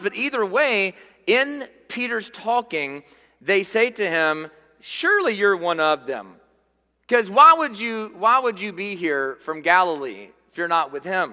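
A man with a Southern American accent preaching a sermon, earnest and dropping to hushed tones for emphasis. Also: high voice, long reverb tail. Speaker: pastor. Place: church sanctuary.

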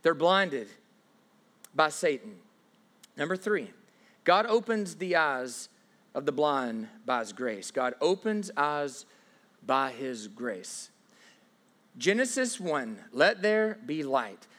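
Preacher guy, high bright voice, swoops all over, loud then hushed, lots of "and, and, and". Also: sing-song, takes it slowly, pauses often. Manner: emphatic, dramatic swings from loud to hushed; repeats himself and stammers on restarts. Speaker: pastor. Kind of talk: sermon.

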